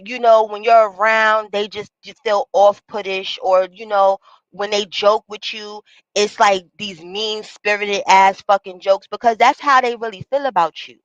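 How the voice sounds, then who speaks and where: A woman's voice: mid-range voice, no room sound. Blunt, profane woman streamer, dull dry sound. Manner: blunt, profane, animated, greets viewers by name. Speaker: livestream host. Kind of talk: casual livestream commentary. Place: small home recording booth.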